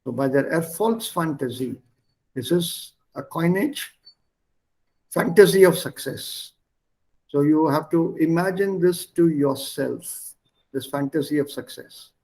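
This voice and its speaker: Man, language teacher, slightly high voice, slow and deliberate, video-call class. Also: a little mellow. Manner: slow, explains word by word, switches between languages.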